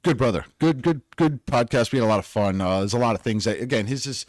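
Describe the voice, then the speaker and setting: A man co-hosting a podcast in casual chat, animated and laughing often while shivering in the cold. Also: medium pitch, fast talker, no echo. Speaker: podcast co-host. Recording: dry cold lodge room.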